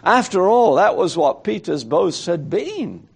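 A man's voice: high-pitched, big pitch swings, measured pace, vocal fry, slightly rough. A man preaching a sermon in a reflective way, thinking aloud and asking rhetorical questions.

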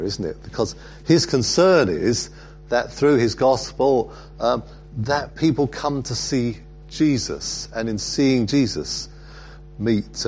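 A male preacher with a lowish voice delivers a reflective sermon, stopping often with small fillers. His pace is very unhurried. Soft music plays faintly underneath. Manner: reflective, halting, with frequent fillers.

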